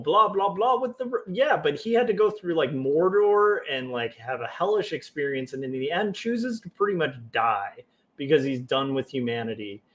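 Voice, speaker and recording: A man talking casually to his viewers while he works on comics, wry and self-mocking, with offhand jokes. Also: a little high. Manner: wry, self-mocking, drifting into jokey quoted voices. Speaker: livestreaming comic artist.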